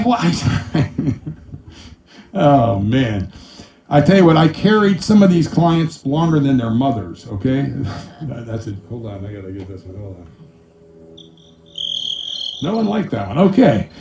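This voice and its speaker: A middle-aged man doing stand-up accountant jokes, acting out his clients in high voices and punching each punchline with 'ba-boom'. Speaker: comedian and musician telling accountant jokes. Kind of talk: stand-up joke telling. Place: small room with a live audience. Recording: echoey room, mic at a distance.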